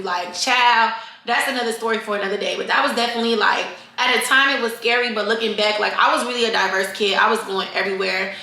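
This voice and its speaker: A bright, forceful young woman chats straight to her viewers in a casual Q&A, candid, profane and lively. Her voice bounces around an echoey room. She speaks in a medium register. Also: mid-range voice, quick pace, gravelly. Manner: candid, profane, animated, addresses viewers as y'all. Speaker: vlogger answering fan questions. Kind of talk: casual Q&A chat to camera.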